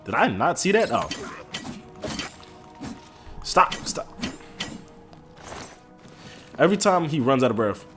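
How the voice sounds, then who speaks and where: Young male streamer, home setup, lively up-and-down voice, slangy and loose, faint music under him. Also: medium pitch, normal speed, husky. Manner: animated, slangy, talks to chat. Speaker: game streamer. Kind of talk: casual live-stream commentary. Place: indoors at home. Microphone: headphones on, streaming setup.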